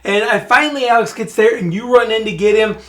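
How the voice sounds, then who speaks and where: A middle-aged man from Michigan, co-hosting a podcast, telling a family story in a lively, casual way. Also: high-pitched, fast talker. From Michigan, USA. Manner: animated storyteller who speeds up and gets loud when retelling scenes. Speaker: podcast co-host.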